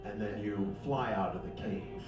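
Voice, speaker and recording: A man telling a second-person fantasy story at a cafe open mic. He talks slowly and dramatically, swinging between hushed and loud. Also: fairly low pitch. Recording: echoey room, far mic, dull, music behind.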